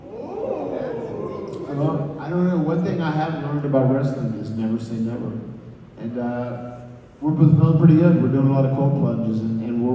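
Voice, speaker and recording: A man in his forties, a guest on a convention panel, telling animated stories, stumbling over and repeating words, heard from afar in a large hall. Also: mid-range voice. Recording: echoey hall, distant mic, background noise.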